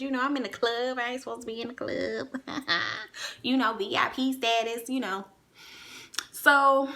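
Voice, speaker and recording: A young woman with a bright, forceful voice tells a story from her own life. She talks casually and bluntly, cussing freely and speaking straight to her listeners as y'all. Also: medium pitch. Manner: frank, profane, addresses listeners as y'all.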